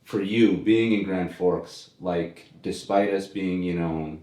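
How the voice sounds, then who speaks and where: Podcast host: man, very low voice, loose rambling questions, echoey room. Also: slow pace. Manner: relaxed, rambling questions with many fillers. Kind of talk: casual interview chat.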